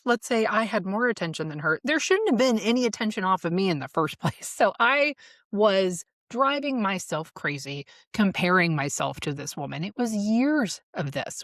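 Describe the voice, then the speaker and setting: A woman's voice: on the low side, fairly bright tone, dry recording, clean studio sound. A woman in her forties hosting a solo podcast, telling her story candidly and with profanity, laughing often and flaring into heated outbursts. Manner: laughs often while speaking. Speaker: podcast host. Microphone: studio mic.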